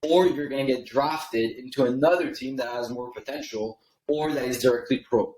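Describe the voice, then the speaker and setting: A man from Canada tells his story as a podcast guest, rambling casually and checking in with "right?" after his points. His voice sits at a middling pitch. The room around him is echoey and reverberant. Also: moderate pace, darkish tone. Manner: rambling, tags lines with "right?". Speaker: podcast guest, email copywriter.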